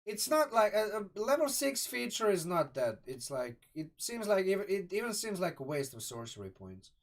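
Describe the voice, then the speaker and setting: A man from Croatia with a Croatian accent, chatting casually and excitably on a live stream, rambling and swearing freely. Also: high voice, normal speed, recorded from a distance. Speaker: live streamer reviewing a game sourcebook.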